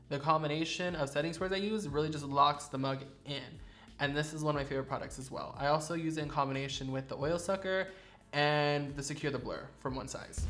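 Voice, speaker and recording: A man's voice: on the high side, fairly bright tone. A man who performs in drag, chatting sassily and playfully about favorite makeup products in a studio vlog. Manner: sassy, chatty, playfully dramatic.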